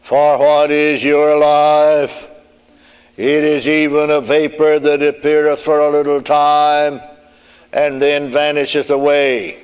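A man voicing a solemn, disembodied heavenly voice that speaks in slow, drawn-out biblical phrasing. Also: a little high, level tone, clean tone. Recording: long hall reverb.

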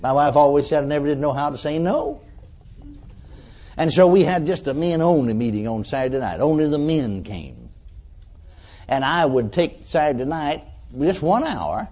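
A man preaching a sermon to a congregation, telling a story in a folksy, animated way. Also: medium pitch.

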